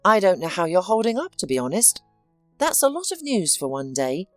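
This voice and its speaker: A woman reading the lines of a caring, upbeat male friend in a storybook narration, coaxing and warm. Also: lowish voice, very animated, moderate pace, dry recording, soft background music. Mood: sympathetic.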